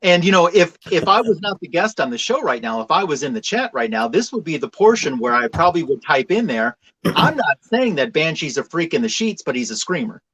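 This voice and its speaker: Husky-voiced man guesting on a podcast. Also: on the high side, big pitch swings, brisk, a bit bright, poor audio. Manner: dry joking asides. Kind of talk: casual comic book discussion.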